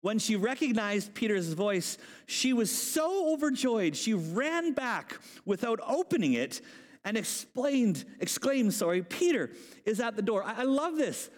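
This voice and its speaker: High-voiced guy preaching, funny and chatty, big echoey church sound. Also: unhurried. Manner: animated, humorous, conversational. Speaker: pastor. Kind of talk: sermon. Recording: long hall reverb.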